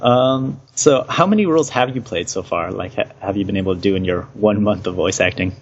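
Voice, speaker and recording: Easygoing male podcast host, husky tone, dull lo-fi recording. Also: sits low, fairly quick. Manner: laughs often, easygoing questions. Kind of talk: casual podcast interview.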